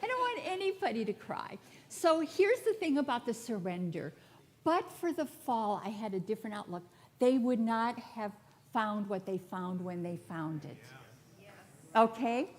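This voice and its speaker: A woman's voice: mid-range voice, animated, measured pace, darkish tone. A woman spiritual director giving a personal sermon to a congregation in a church, telling her story in a candid, chatty way with touches of humor. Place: church sanctuary before a congregation.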